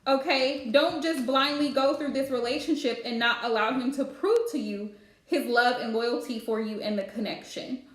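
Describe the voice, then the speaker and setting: A woman's voice: sits high, normal speed, reverberant. A woman giving a live-streamed spiritual reading, chatty and advice-giving with lots of fillers. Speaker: psychic card reader.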